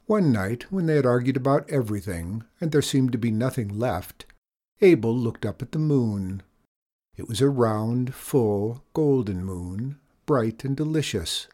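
A man narrating a children's storybook in a measured, expressive reading. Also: mid-range voice.

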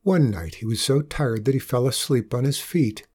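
A man narrating a folk tale in a slow, expressive read-aloud manner. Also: mid-range voice, husky. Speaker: storyteller. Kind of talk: scripted storybook narration.

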